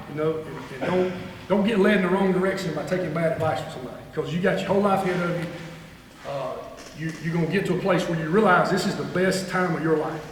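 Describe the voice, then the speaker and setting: Middle-aged man, ex-coach, high-pitched and folksy, miked from a distance in a booming hall. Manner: folksy storytelling, rambling with restarts. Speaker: guest speaker, former head coach. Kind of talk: motivational speech to a club meeting. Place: banquet room. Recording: echoey hall, distant mic, faint noise.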